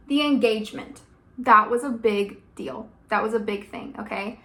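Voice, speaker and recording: Emphatic, chatty woman vlogger, higher voice. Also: moderate pace, bright, forceful tone. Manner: emphatic, rants with many "like" and "okay?". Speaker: vlogger reviewing a TV adaptation. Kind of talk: casual opinionated commentary.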